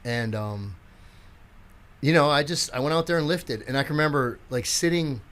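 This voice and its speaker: A man's voice: mid-range voice, normal speed. A man in his sixties, a physical therapist and strength coach, telling stories as a podcast guest with lots of acted-out quotes and casual swearing. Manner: animated storyteller who acts out quotes and swears freely. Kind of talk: casual storytelling in a podcast chat.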